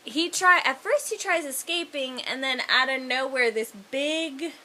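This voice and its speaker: Bright, high-voiced woman rambling through a story. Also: a little slow. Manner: rambling, full of "like" and "um". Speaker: vlogger. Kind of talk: casual film retelling.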